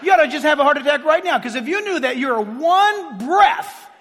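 A man preaching a fervent sermon as pastor, with sudden shouts and slow drawn-out phrases. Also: extremely high pitch, animated. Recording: long hall reverb.

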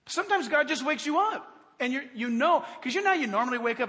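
A man preaching a sermon, animated, acting out prayers and asking his congregation questions. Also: very high voice, fast talker. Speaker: pastor. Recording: long hall reverb.

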